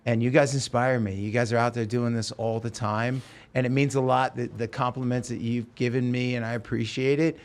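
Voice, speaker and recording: A man's voice: mid-range voice, steady tone, brisk, few pauses. A man from Oregon hosting a podcast, chatting casually and enthusiastically with his guests. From Oregon, USA. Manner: effusive, enthusiastic, exclaiming. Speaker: podcast host. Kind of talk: casual chat.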